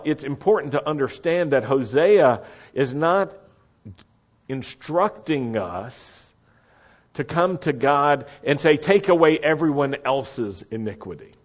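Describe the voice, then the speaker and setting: A man preaching a sermon, slow and deliberate, repeating key phrases for the congregation to say back. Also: mid-range voice, muffled recording. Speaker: pastor.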